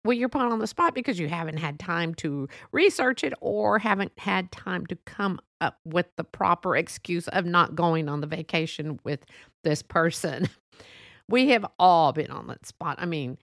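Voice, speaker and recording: Woman rambling through a story, gravelly voice, dry close sound. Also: fairly low pitch, animated, normal speed, no echo. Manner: chatty and rambling, with asides. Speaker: podcast storyteller. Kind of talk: casual storytelling monologue.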